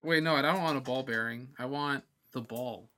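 A man's voice: mid-range voice, normal speed, pushed and bright. A man co-hosting a podcast in casual chat, sheepish and rambling, often laughing. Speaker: podcast co-host.

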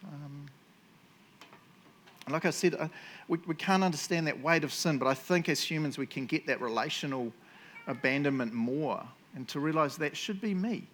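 A man preaching a sermon in an earnest, conversational way, with fillers and restarts, who slows down to read quotes with weight. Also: on the high side, fairly bright tone, a little hiss or hum. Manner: reads quotes slowly and with weight.

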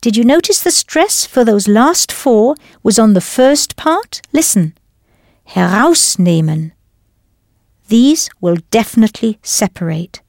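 Slow, patient woman teaching. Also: on the high side, animated, a little mellow, no room sound, studio quality. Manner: patient, deliberate explaining with model phrases. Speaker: language teacher. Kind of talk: scripted audio language lesson.

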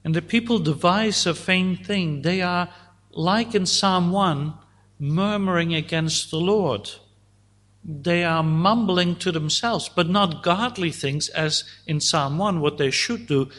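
A man preaching a sermon, teaching slowly and deliberately through a psalm and voicing God's words at times. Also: high voice, fairly bright tone.

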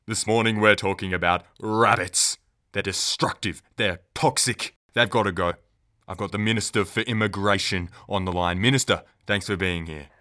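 A man's voice: lowish voice, fairly even intonation, moderate pace, pushed and bright. A man playing a bombastic male talk radio shock jock. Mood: blustering. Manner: bombastic, indignant, leading questions.

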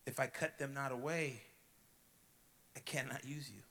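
A man voicing a grave, loving master of a garden, speaking slowly and quietly. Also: mid-range voice, gravelly, big-room sound. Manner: slow, solemn, quiet.

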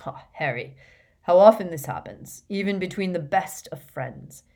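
A woman reading as an old, wise male headmaster, measured and gently stern. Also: lowish voice, animated. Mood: gently firm. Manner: measured, sharp when pressed.

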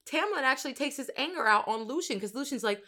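A woman chatting casually about a book, expressive and swearing, quoting characters as she reacts. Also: high voice, fast. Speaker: podcast co-host discussing a book. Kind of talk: casual chat.

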